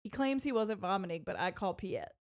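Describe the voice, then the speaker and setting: A woman's voice: mid-range voice, animated, quick pace. A woman streamer reading a funny story aloud to friends in casual chat, giggling often.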